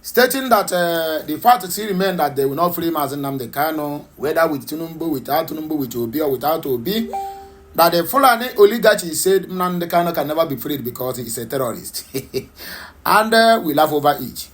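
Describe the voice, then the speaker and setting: A man's voice: on the high side, lively intonation, fairly quick, fairly bright tone. A man with a Nigerian accent giving impassioned political commentary, emphatic and repetitive, with frequent fillers and rhetorical questions. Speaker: political talk show host.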